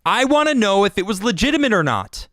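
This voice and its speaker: A man hosts a livestream of political commentary. His somewhat high voice swings widely in pitch and sounds dry and close. He talks in a heated, insistent way and often stammers, restarts and repeats words. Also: big pitch swings, fast talker, fairly bright tone, no room sound. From United States. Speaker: show host.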